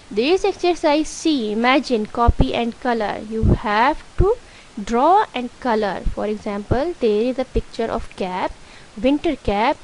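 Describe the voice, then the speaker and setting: Pakistani woman teacher for a young children's class, a bit high-pitched, patient step-by-step questioning, faint hiss. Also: poor audio. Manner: slow, explaining step by step, asking questions. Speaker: school teacher.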